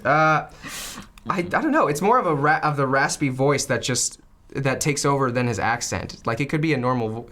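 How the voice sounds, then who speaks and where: A male player talks loosely about his character, trailing off and laughing as he goes. His pitch moves around a lot as he explains. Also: bright, forceful tone. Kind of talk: casual chat.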